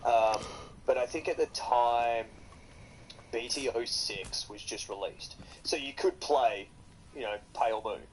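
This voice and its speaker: Australian man, casual guest storyteller, middle pitch, lively and foul-mouthed, light hiss. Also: unhurried, poor audio. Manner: animated, swears freely while telling stories. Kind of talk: casual chat.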